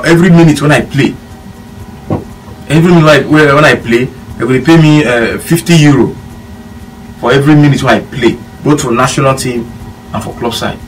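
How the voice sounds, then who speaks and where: Nigerian Pidgin man, ex-footballer, quick rambling anecdotes, mic set back, faint hum behind. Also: mid-range voice. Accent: Nigerian Pidgin English. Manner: rambling anecdotes with quoted dialogue. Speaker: former footballer guest. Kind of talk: casual storytelling chat. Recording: distant mic with faint room noise.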